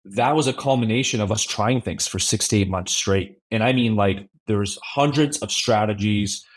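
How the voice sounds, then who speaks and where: Lower-voiced man, podcast guest, easygoing and rambling delivery. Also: moderate pace. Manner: relaxed, rambling, frequent restarts and "like". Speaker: podcast guest, brand creative officer. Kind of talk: casual interview chat.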